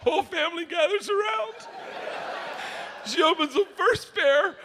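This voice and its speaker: A middle-aged man doing a stand-up comedy set on a club stage, telling stories loudly and shouting his punchlines. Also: extremely high pitch, measured pace. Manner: loud, animated storytelling with shouted punchlines. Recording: live club audio with audience noise.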